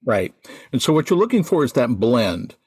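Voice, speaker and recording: An American man who teaches Santa performers talks through his advice in an emphatic, teacherly way. His voice is husky and slightly breathy. It is recorded dry and close, with no room sound. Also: medium pitch, very animated, moderate pace, a little mellow, dry recording. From United States. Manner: emphatic, teacherly, repeats points. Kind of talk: instructive podcast talk.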